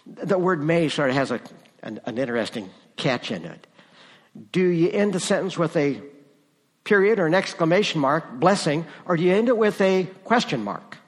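A man's voice: fairly high pitch, lively intonation, moderate pace. Man preaching in a reverberant church. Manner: conversational preaching with rising emphasis. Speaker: pastor. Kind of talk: sermon.

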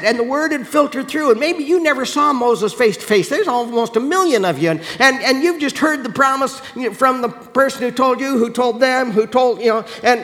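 A man with an extremely high-pitched voice preaches a sermon, his words trailing off in a long reverb tail. He speaks animatedly and directly to his audience, asking them questions and often restarting sentences.

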